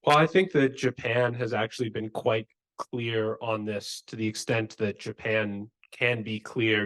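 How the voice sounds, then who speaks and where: A man answering on a policy panel in a conference room. His voice sits low and barely rises or falls. He lays out his reasoning in a measured, analytical way. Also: fairly bright tone.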